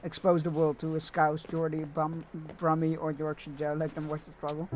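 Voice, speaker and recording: A man's voice: on the high side, monotone, normal speed. A man streaming a game, chatting casually and reading the game text aloud with asides. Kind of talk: casual let's-play commentary. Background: game music.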